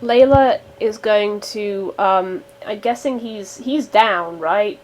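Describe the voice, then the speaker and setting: A woman's voice: medium pitch, takes it slowly, a little mellow, poor audio. A woman playing a tabletop role-playing game, casually narrating her character's actions. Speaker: player.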